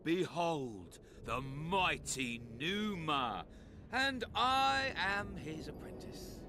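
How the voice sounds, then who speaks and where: A man's voice: a little high, very animated, noisy background, exaggerated voice. Boastful strongman's apprentice. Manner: grandiose, slow announcing.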